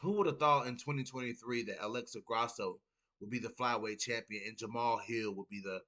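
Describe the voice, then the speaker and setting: A man's voice: medium pitch, a little fast, bright, forceful tone. A man hosting a casual fight recap livestream, talking loosely with a groggy morning voice and lots of "you know what I'm saying" filler. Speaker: livestream host.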